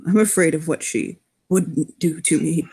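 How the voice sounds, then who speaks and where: Woman doing a dry, teasing man, gravelly and husky. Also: low voice, a little slow, darkish tone, full character voice. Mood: intense. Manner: sardonic and teasing. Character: wry, guarded man who speaks Russian.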